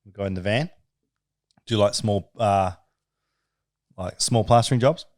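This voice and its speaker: A man's voice: on the low side, unhurried, a little mellow, no echo, clean studio sound. A young man co-hosting a podcast, chatting casually with lots of swearing and laughter. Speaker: podcast co-host. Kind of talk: casual banter.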